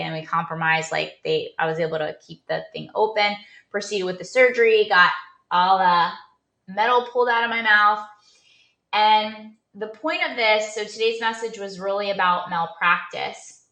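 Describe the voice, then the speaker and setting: A woman's voice: mid-range voice, pushed and bright, reverberant. A woman performance coach giving an earnest motivational talk, telling a personal story with many restarts and fillers.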